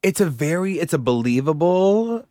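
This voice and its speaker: A man's voice: a little high, big pitch swings, normal speed, mellow, no room sound, clean studio sound. A man co-hosting a casual recap podcast, telling the story animatedly with frequent laughter and swearing. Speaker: podcast co-host. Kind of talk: casual chat recapping a TV episode.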